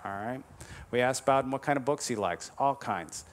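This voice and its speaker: A man giving a motivational lecture to golf teachers, emphatic, slowing on key advice and tagging his points with "all right?". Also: mid-range voice, a little hiss or hum. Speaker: conference speaker to golf teachers.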